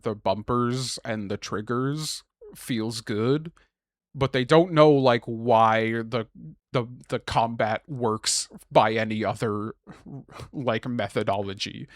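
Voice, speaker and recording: A young man co-hosting a podcast in casual chat, ranting with lots of swearing and bursting into loud, exasperated shouts. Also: medium pitch, no room sound, studio quality. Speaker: podcast co-host.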